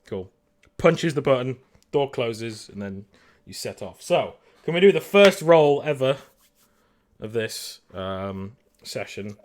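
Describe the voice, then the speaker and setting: A male game master runs a tabletop role-playing game, narrating the scene loosely and haltingly with lots of fillers and restarts. His voice is medium in pitch with big swings.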